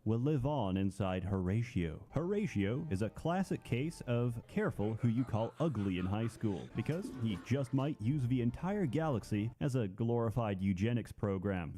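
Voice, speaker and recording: Male narrator with a mellow, low timbre and a sarcastic deadpan read, for comedic game commentary. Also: moderate pace, few pauses. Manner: dry, sardonic deadpan delivery.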